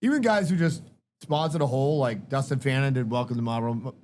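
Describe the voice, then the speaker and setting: A man's voice: medium pitch, fast talker, darkish tone. A man in the middle register telling stories as a podcast guest, crude and joking in loose casual chat. A faint hiss sits under his voice.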